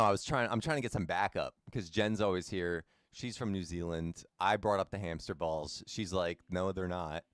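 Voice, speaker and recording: Low-voiced man streaming a game. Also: fairly bright tone, clear, resonant tone, no room sound, studio quality. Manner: chatty, laid-back, talks to chat by name. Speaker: streamer playing a game and chatting with viewers. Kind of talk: casual live-stream chat.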